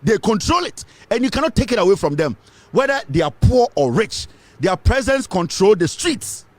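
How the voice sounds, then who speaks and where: Brief: Ghanaian male commentator, fiery and emphatic, raised pitch, very animated delivery. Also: moderate pace, no echo. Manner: fiery, emphatic, repeats points, mixes English with Twi. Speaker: political commentator. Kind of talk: impassioned political commentary.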